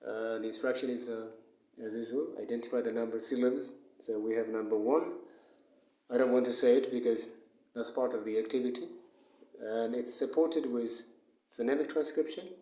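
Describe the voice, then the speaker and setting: A male English teacher giving a recorded lesson, who explains slowly, repeats words and counts syllables aloud. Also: medium pitch, steady tone, mellow. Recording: echoey room.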